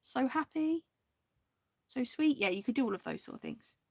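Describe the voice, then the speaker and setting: A woman hosting a crafting video, chatting casually and indecisively to viewers, now and then dropping into soft half-whispered asides. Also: high voice, expressive, moderate pace, creaky, dry recording.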